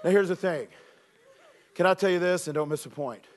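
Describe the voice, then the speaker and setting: A man preaching as a youth director, telling a story with animated shouts and earnest appeals. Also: high-pitched, fairly quick. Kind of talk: sermon with personal storytelling.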